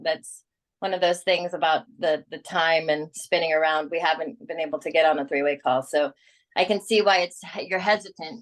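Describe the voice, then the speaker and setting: A woman coaching her sales team on a group call, talking with energy and persuasion. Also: on the low side. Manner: energetic, persuasive, acts out quoted clients.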